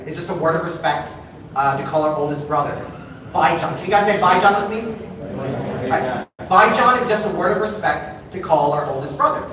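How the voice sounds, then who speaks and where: A man speaking to a live audience from across an echoey hall, his voice picked up from far off over steady background noise. He tells stories with animated energy and draws the crowd into questions. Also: fairly high pitch. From United States. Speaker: storyteller. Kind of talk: live storytelling talk to an audience.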